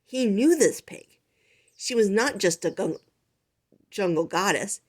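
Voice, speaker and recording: A woman reading a children's picture book aloud with expressive, animated storytelling. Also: mid-range voice, slow pace. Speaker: storybook reader.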